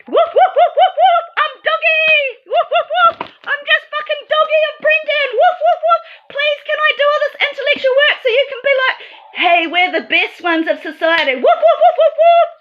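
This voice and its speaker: A woman voicing a degraded, mocking version of herself as a whooping dog, in shrill, yelping taunts. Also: moderate pace, muffled recording.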